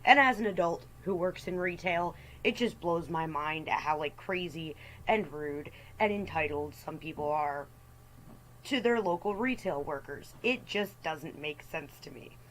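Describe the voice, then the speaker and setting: A woman's voice: sits low, a little slow, a bit bright, a little hiss or hum, low-quality recording. A woman hosting a storytime rant as a voice-over, talking in an exasperated way and mimicking the people in her stories. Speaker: storytime host.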